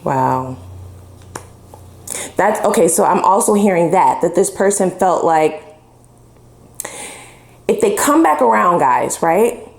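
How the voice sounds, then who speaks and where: Chatty, foul-mouthed woman reading tarot; fry in the voice, recorded in an echoey room. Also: on the low side, expressive, slow pace, pauses often. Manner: blunt, profane, chatty. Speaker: tarot reader. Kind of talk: casual tarot love reading. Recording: roomy echo.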